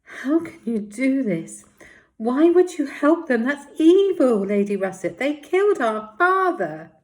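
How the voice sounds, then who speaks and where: A woman reading aloud, voicing a hot-tempered, stubborn young girl rabbit in a shrill, defiant voice. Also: animated, unhurried, darkish tone. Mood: furious.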